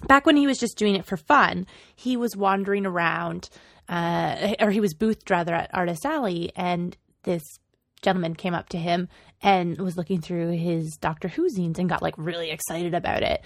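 A woman's voice: fairly low pitch, moderate pace, no echo, clean studio sound. A woman co-hosting a podcast, telling a story in a chatty way full of fillers. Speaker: podcast co-host. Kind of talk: casual podcast chat.

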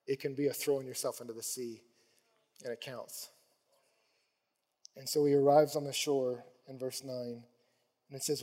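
Animated male pastor in a reverberant hall. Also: mid-range voice, normal speed, pauses often. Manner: animated storytelling, acts out voices in quotes. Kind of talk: sermon.

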